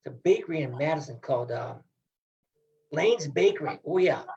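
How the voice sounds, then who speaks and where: A man's voice: on the high side, lively intonation, fairly quick, gravelly, darkish tone, lo-fi sound. A middle-aged man from Iowa, a wrestling coach, talking in a casual podcast interview in an emphatic, upbeat, folksy way.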